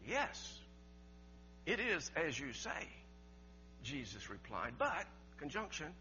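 A man preaching a sermon with emphasis, rising loud and dropping quiet in turns. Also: a little high, huge pitch swings, takes it slowly. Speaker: pastor. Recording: dull lo-fi sermon recording with faint mains hum.

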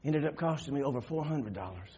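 A man preaching a sermon, telling a story that swings from quiet murmurs to loud shouting. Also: medium pitch, animated, quick pace, lo-fi sound, a little hiss or hum.

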